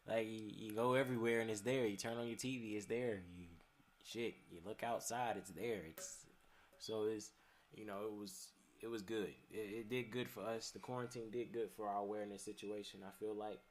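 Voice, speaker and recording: A man's voice: on the low side, fairly even intonation, a little fast, a little hiss or hum. A man chatting casually on a podcast, laid-back and profane, laughing often and talking with many fillers. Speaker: podcast guest.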